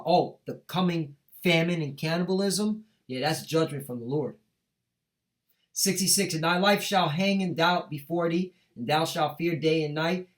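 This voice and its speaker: Heated profane street preacher man. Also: on the high side. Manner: heated, profane, punctuates with "all right?" and "man". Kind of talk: street sermon reading scripture.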